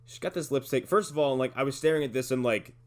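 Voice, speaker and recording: A man's voice: mid-range voice, quick pace. A man co-hosting a podcast, chatting casually, joking and acting out characters' lines sarcastically. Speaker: podcast co-host.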